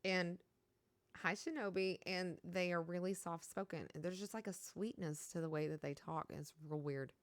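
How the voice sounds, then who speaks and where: A woman's voice: low-pitched, a bit bright, dry recording. A woman from Kentucky with a Kentucky accent, chatting casually on a stream and reading out chat, rambling and laughing as she talks.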